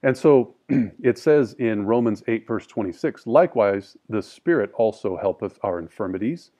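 A man teaching a scripture study. He reads verses slowly and with emphasis, then explains them in plain, casual talk. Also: lowish voice, animated, mellow, lo-fi sound. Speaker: Bible teacher.

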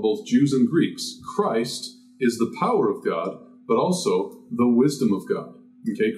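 Male preacher, mid-pitched, teaching scripture with emphatic rhetorical questions. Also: a little mellow. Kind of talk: Bible teaching sermon.

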